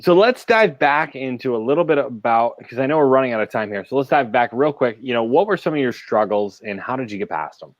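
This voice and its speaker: A man's voice: medium pitch, lively intonation, brisk, few pauses, dry recording. Man, co-host, short affirmations, dull dry call audio. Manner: brief affirmations, steering the talk. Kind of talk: casual interview chat.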